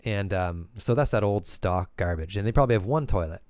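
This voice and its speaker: A man's voice: fairly low pitch, lively intonation, fairly quick, a little mellow, clean tone, dry recording. A Nova Scotian man, a guest developer, talking bluntly with crude humor and rhetorical questions. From Canada. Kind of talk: casual chat.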